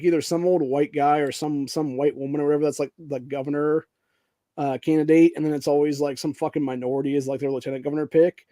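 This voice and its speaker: Casting: angry, profane male podcast host from Ohio, dark mellow tone, fairly high pitch. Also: no echo. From Ohio, USA. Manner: profane, angry, says "dude" often. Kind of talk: casual political rant.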